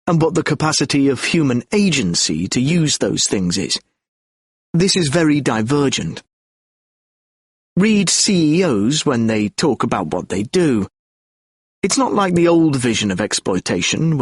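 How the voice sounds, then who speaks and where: A man's voice: medium pitch, slightly rough, no echo, studio quality. A man reading an audiobook of lecture transcripts in a reflective, argumentative lecture tone. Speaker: audiobook narrator.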